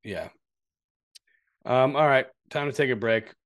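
A man co-hosting a podcast in casual chat, telling stories in a loose, profane, animated way. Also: medium pitch, a little slow. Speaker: podcast co-host.

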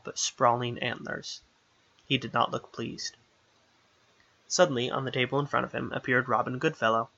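A man narrating a fantasy audiobook in a steady, expressive storytelling manner. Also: medium pitch, gravelly, highs cut off.

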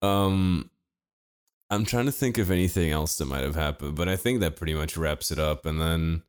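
A man's voice: a bass voice, moderate pace, clean tone. A young man telling a story in casual chat, rambling with restarts, swearing and laughing as he goes.

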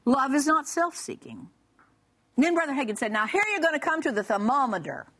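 A guest speaker on a Christian broadcast shares a funny personal testimony, her voice sitting high and moving fairly quickly. She tells it as lively storytelling, acting out the dialogue and laughing along the way.

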